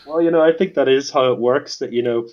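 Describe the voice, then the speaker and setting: A man's voice: medium pitch, fast, darkish tone. A man with a Northern Irish accent hosting a casual podcast chat, telling a story with dry jokes and plenty of fillers. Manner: dry, joking, many fillers. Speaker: podcast host. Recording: dull lo-fi sound.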